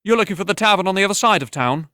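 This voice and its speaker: A man's voice: sits high, expressive, rapid-fire, pushed and bright, dry recording, studio quality, pitched above the performer's own voice. A man voicing a concerned barkeep in an apron, in an audiobook.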